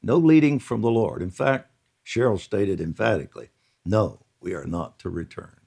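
A man reading a prayer account aloud in a slow, earnest devotional style, lifting his voice on quoted lines. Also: on the low side, animated, gravelly, darkish tone, breathy edge.

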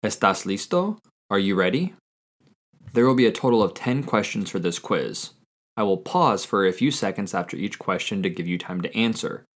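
A man hosting a language-learning podcast, reading a quiz and repeating each answer slowly and carefully. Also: on the low side. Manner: slow, careful repetition of answers. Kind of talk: scripted language lesson quiz.

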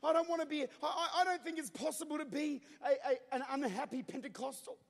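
A man in his thirties preaching a Pentecostal sermon in a church auditorium, with loud bursts and call-and-response with the congregation. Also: very high-pitched, a little fast, vocal fry. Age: 30s. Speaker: pastor. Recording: long echo of a large hall.

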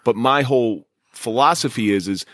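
A male podcast host speaks in a measured, thoughtful way as he asks questions and muses aloud. His voice is of middling pitch. The sound is close and dry. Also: a bit bright, no room sound. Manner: measured, philosophical. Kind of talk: interview questions and reflection.

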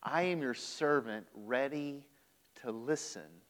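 A man's voice: mid-range voice, slow pace, natural voice. A man voicing a young boy woken at night who answers eagerly and readily.

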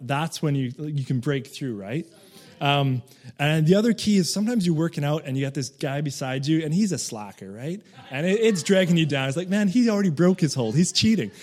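A man's voice: fairly high pitch, darkish tone. A man giving a loose, conversational sermon, full of fillers and asides, who once lived in Canada. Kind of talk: casual sermon.

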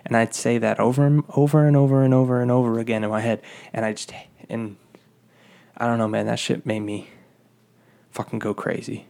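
A young man ranting casually, telling a profane, rambling, exasperated story about a fast-food job. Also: mid-range voice, flat delivery, creaky, a little mellow.

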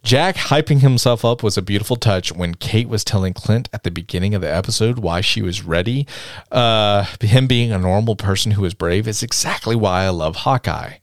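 A man's voice: lowish voice, normal speed, dry recording, clean studio sound. A man hosting a casual podcast chat, reading out listener comments and stumbling over the words now and then.

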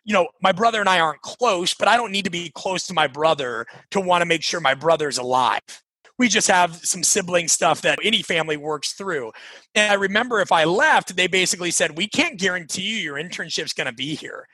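A bright, forceful man's voice, slightly high for a man, recorded dry and close. He is a coaching author from Nebraska who talks in an energetic, emphatic way and acts out the dialogue in his stories. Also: brisk, breathy edge, no room sound, rough recording. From Nebraska, USA. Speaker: coaching author and podcast guest. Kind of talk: conversational interview storytelling.

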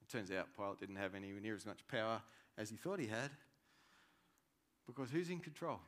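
A man preaching a sermon, animated and conversational, swinging between loud emphasis and quiet asides. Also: fairly low pitch, fairly quick. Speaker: pastor.

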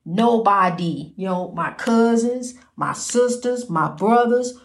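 A woman's voice: medium pitch, slow, roomy sound. A woman hosting her own podcast, talking in a folksy, rambling way full of "you know" while giving faith-based encouragement. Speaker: podcast host. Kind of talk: casual inspirational talk.

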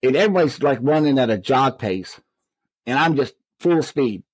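A middle-aged man, a correctional officer, telling his story as an animated interview guest. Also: medium pitch, normal speed, breathy edge, dry recording, low-quality recording. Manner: animated storyteller who acts out quoted exchanges.

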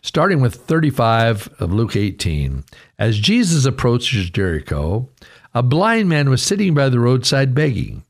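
A man preaching a radio sermon, earnest and conversational, his pitch rising sharply when he voices a quoted cry. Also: huge pitch swings, measured pace. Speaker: radio pastor.

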